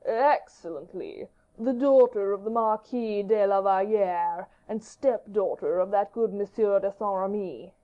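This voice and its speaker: A woman voicing a flattering male courtier in an audiobook, speaking slowly and deferentially. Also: mid-range voice, natural voice. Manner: slow, measured, deferential. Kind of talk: audiobook character reading. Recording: dull lo-fi audiobook recording.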